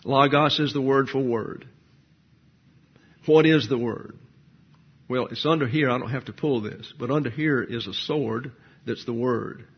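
A man's voice: medium pitch, a little slow, pauses often, husky, lo-fi sound. A man preaching a verse-by-verse sermon, teaching point by point, answering his own rhetorical questions and dropping dry, wry asides.

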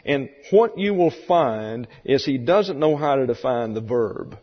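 Male Bible teacher, folksy lecture, husky voice, muffled hall recording. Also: mid-range voice, expressive, measured pace. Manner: folksy, explanatory, rhetorical questions. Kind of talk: sermon lecture.

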